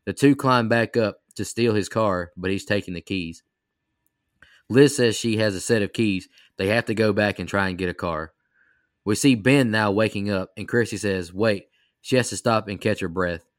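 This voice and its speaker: A man on a podcast reading out a film's plot recap in a brisk, steady way. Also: fairly low pitch, no room sound, studio quality.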